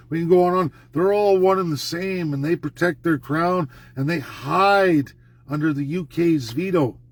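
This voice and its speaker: A Canadian man delivering an indignant, emphatic political rant to his followers, hammering points through repetition. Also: fairly high pitch. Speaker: political commentator. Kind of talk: ranting monologue.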